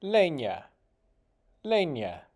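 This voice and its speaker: A man talks in a relaxed, folksy way, cracking jokes as he chats to the camera. His tone is casual and unpolished, the way a hobby vlogger sounds when testing his own pronunciation. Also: fairly high pitch, extremely slow. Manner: joking, folksy, tries out foreign words. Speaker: video host. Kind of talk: casual vlog commentary.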